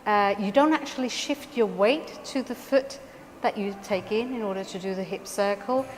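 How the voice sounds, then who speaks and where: A woman dance teacher with a mid-range voice gives calm, step-by-step instructions and counts beats aloud. Her voice carries a long reverb, as in a studio hall, with faint noise underneath. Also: medium pitch, moderate pace.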